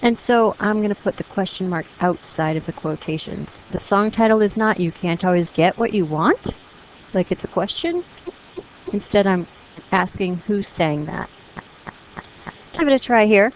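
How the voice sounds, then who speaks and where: A woman teacher patiently and encouragingly explains punctuation rules to her class, reading example sentences aloud. Her voice is medium-pitched and expressive at a moderate pace, on a rough recording with a little hiss or hum.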